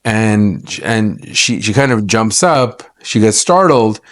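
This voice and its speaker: A man's voice: fairly low pitch, lively intonation, takes it slowly. A middle-aged man from Canada, an accountant, telling a personal story to camera in a chatty, aggrieved way with many fillers and restarts.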